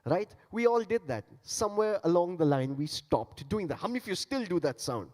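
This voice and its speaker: A man's voice: sits high, sing-song, a little fast, darkish tone. A man giving a playful stage talk on beatboxing, coaxing the audience to join in. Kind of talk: interactive stage talk and demonstration. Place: large conference hall. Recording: long hall reverb.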